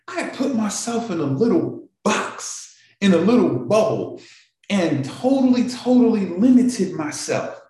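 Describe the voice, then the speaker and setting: Man, morning show host, motivational live-stream talk, emotional, repeats himself for emphasis, lively pitch. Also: unhurried. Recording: very echoey room.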